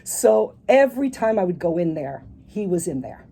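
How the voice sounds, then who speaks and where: This is a middle-aged woman with a husky, mellow, fairly low voice, speaking as a guest in a radio interview. She tells her story in a lively way and acts out the lines of other people. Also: normal speed. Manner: animated storyteller who acts out quoted dialogue. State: tearful at moments. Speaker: interviewed author.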